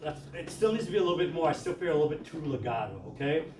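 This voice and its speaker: A man's voice: fairly high pitch, lively intonation. A man leading a choir rehearsal, explaining how to sing a passage and singing lines to demonstrate. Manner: explains briskly, then sings lines to demonstrate. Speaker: choir director. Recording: echoey room from far off.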